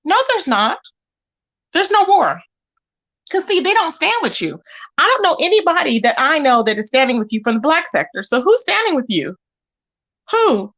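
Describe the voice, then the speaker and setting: High-pitched woman on a livestream, sassy and animated, calls everyone baby. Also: normal speed, long pauses. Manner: animated, sassy, addresses viewers as child and baby. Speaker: livestream host. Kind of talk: casual livestream commentary.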